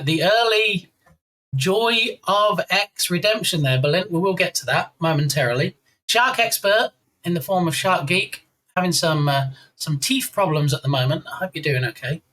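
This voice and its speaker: A man's voice: a little high, animated, moderate pace, sharp tone, low-quality recording. Chatty English man streaming live. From England. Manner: chatty, reads out chat messages and thanks viewers. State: slight frog in throat. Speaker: game dev streamer. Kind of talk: casual live-stream chat.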